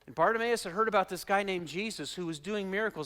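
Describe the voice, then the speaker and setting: A man preaching a sermon as pastor, dramatic, acting out quotes and swinging from loud shouting to hushed asides. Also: high-pitched, fast.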